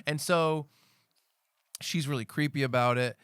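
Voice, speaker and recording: The co-host's voice is a little high, smooth and fairly bright, with fairly even intonation and an unhurried pace. In this dry studio recording, he casually discusses movies on a podcast, rambling through scenes and quoting lines.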